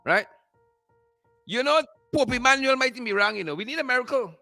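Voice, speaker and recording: A man's voice: very high voice, animated, brisk, sharp tone, soft background music. A man hosting a political commentary show, mocking and repeating phrases for emphasis. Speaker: show host.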